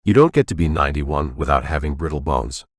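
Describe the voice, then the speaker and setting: Guy doing a cranky old navy vet in his nineties, super deep gravelly-low voice, dry close sound. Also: lively intonation, brisk, no room sound, full character voice. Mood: grumbling. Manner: crotchety, prickly. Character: frail cantankerous 91-year-old navy veteran man.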